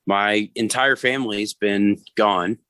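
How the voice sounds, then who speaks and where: Low voiced guy in his 30s, uh-ing through a casual podcast chat, dry sound. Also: steady tone, bright, forceful tone, clear, resonant tone, no echo. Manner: halting, with many ums and uhs. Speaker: podcast co-host.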